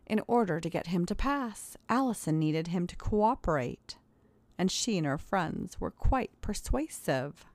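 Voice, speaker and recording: Woman narrator, low voice, dry close sound, measured storytelling, audiobook. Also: animated, dry recording.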